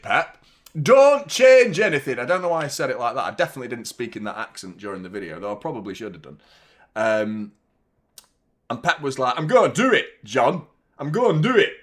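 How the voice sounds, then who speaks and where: A man's voice: mid-range voice, fairly bright tone. A man hosting a football fan channel, chatting live during a watchalong in a rambling, exasperated way and swearing casually.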